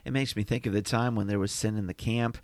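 Low gravelly man in Bible talk. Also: steady tone, fast talker, dry recording. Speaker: Bible study podcast co-host. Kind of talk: conversational Bible discussion.

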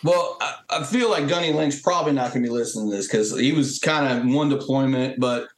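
A man, a military veteran and podcast guest, telling profane war stories in a lively, animated way and acting out the quotes. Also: mid-range voice, fairly quick. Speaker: guest, Marine Corps veteran. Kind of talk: casual profane storytelling. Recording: roomy echo.

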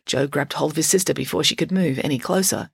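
A woman narrating a children's storybook with a wry, expressive reading. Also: low voice, fast, vocal fry, breathy edge, dry recording, studio quality.

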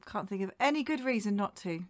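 A woman's voice: mid-range voice, animated, fairly quick, no echo, clean studio sound. A woman co-hosting a podcast in casual chat, cheerful and teasing. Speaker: podcast co-host.

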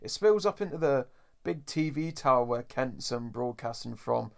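A man co-hosting a podcast, chatting casually as he recaps scenes and slips into quick impressions. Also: mid-range voice, animated, creaky. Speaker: podcast co-host.

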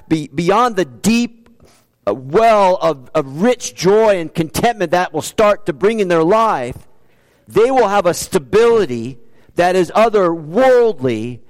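A man's voice: sits high, darkish tone, in a large hall. A man preaching a sermon as pastor, earnest, asking rhetorical questions and repeating key phrases for emphasis.

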